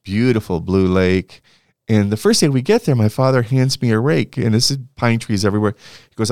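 Interviewed as a university leader, a middle-aged man from California tells reflective stories, restarting often and using fillers. His voice is on the low side, expressive, a little fast and darkish, recorded dry at studio quality.

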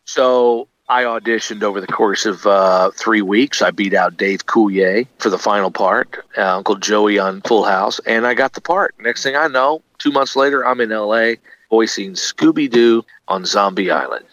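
A middle-aged radio man spins a story in a loose, animated way, jumping into other people's voices as he goes. His voice sits at an ordinary pitch and is recorded close and dry. The sound is dull and lo-fi. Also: moderate pace, dry recording. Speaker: radio host and voice actor. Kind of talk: casual interview storytelling.

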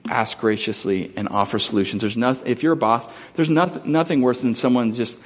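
A man's voice: medium pitch, normal speed. Earnest man preaching a sermon. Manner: earnest, conversational, asks the audience questions. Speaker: pastor.

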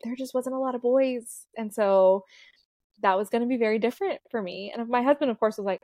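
This doula in her thirties talks a little fast, her voice on the high side, as she shares her birth story as a podcast guest. It's a casual, chatty interview with frequent laughs and fillers, captured at studio quality with no room sound.

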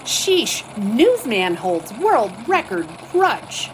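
A woman's voice: fairly high pitch, big pitch swings, drawn-out words, background noise, exaggerated voice. A woman playing a chirpy, playful society columnist. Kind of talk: audio drama acting.

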